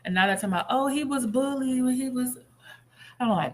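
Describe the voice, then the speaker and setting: A woman's voice: high voice, a little fast. A woman giving a casual, chatty commentary monologue, telling a story animatedly and acting out quotes.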